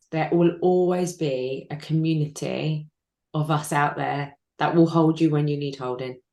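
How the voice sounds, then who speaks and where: Her deep voice echoing in the room, a woman speaks openly as an interview guest on a video call. She shares an emotional, candid account of personal loss.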